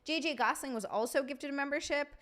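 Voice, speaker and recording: A woman's voice: high voice, quick pace, fairly bright tone. A young woman chatting casually on a live stream, swearing freely and greeting viewers by name.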